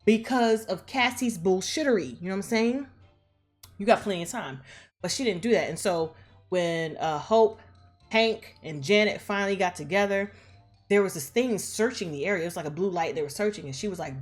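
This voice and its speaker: A woman casually retelling a movie plot in a slangy, profane, animated way, acting out the characters as she goes. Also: mid-range voice. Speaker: movie recap vlogger.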